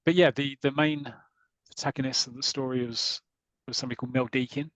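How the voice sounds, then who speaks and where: A man hosting a podcast chats through a comic story, stopping and restarting as he goes. He reads short passages aloud at a middle pitch. The sound is dry and close. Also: steady tone, fast talker, no echo. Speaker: podcast host. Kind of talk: casual podcast chat, retelling a comic story.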